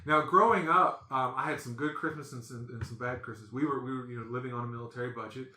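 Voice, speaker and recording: Animated storytelling man, echoey room. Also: mid-range voice, fast, slight background noise. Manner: animated, acts out voices in his stories. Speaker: podcast host. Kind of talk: casual storytelling chat.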